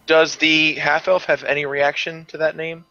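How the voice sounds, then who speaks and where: A man's voice: a little high, level tone, moderate pace, pushed and bright, highs cut off, faint music behind. A man playing a tabletop game, asking the game master questions. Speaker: player. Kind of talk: casual tabletop play.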